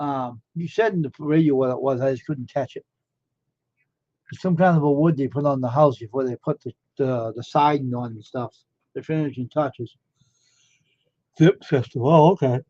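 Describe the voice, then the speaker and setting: A man with a mid-range voice speaks at normal speed, leaving long pauses, as he chats casually on a live stream. Sounding amazed, he rambles and asks one question after another. The sound is dull, lo-fi and dry, with no room ambience.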